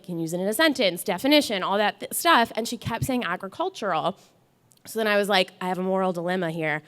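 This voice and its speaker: A woman's voice: medium pitch, a bit bright. A woman telling a personal story on a live stage, chatty and laughing often as she acts out what people said. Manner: chatty, laughs through her lines, acts out quotes.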